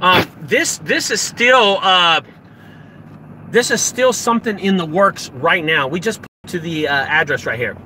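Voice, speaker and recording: Chatty man on a bright voice. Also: high voice, lively intonation, unhurried, slight background noise. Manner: chatty, rambling, talks straight to viewers. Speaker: junk removal business owner streaming live. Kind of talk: casual live-stream chat. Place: outdoors beside a dumpster.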